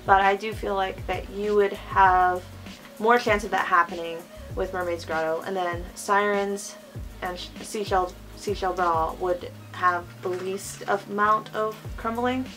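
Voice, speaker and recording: A woman's voice: medium pitch, steady tone, unhurried, a bit bright, faint music behind. A woman with a lisp giving a chatty, gushing makeup review as a vlogger, talking casually with lots of fillers. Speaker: beauty vlogger.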